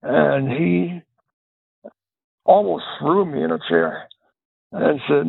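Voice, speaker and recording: Gravelly older man on a phone line. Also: on the high side, sing-song, takes it slowly, pauses often. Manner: reflective storyteller who repeats words and restarts phrases. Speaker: guest, former district attorney. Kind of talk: storytelling interview. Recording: tinny phone-line sound.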